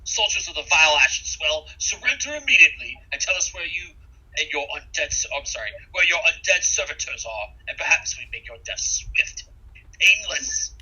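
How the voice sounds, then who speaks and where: A man voicing a suspicious crusader soldier in a tabletop game, commanding and gruff. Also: medium pitch, expressive, moderate pace, sharp tone, dull audio, exaggerated voice. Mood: threatening. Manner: commanding, barking orders.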